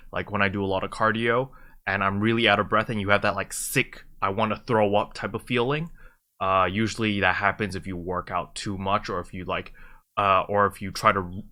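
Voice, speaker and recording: A man speaks in a relaxed, explanatory way, as if chatting to his viewers. His voice sits a little low yet sounds bright and forward, with the odd um and restart as he goes. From lives in China. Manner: relaxed, explanatory, frequent fillers. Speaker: YouTuber giving advice. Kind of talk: casual advice talk to camera.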